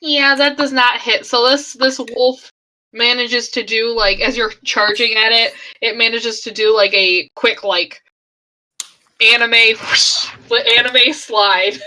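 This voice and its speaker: Woman game master, fairly high, bright tone, slow, relaxed delivery over a voice call. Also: rough recording. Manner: unhurried, with laughs and thinking-aloud fillers. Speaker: dungeon master. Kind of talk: running a tabletop one-shot. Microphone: online voice call.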